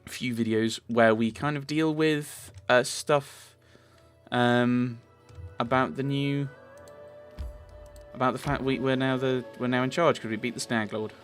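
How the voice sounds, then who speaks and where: A man's voice: mid-range voice, fairly even intonation, measured pace, clear, resonant tone, faint music behind. A man casually commentating his game playthrough, rambling with lots of restarts. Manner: rambling, chatty, many fillers and restarts. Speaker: let's play host.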